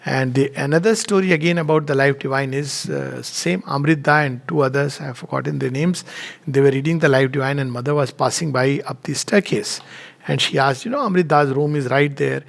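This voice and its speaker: A man giving a reflective spiritual talk, telling anecdotes in an unhurried way and chuckling often. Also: mid-range voice, gravelly.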